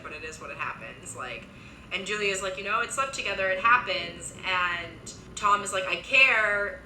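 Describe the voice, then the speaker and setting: A young woman casually recapping a TV series, chatty, with quick asides and lots of filler words. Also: on the low side, sharp tone, roomy sound, slight background noise, poor audio.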